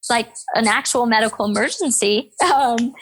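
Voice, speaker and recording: A woman in her thirties, a nurse and podcast guest, telling a story in an energetic, upbeat, animated way. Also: fairly high pitch, moderate pace, breathy edge. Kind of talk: casual storytelling interview.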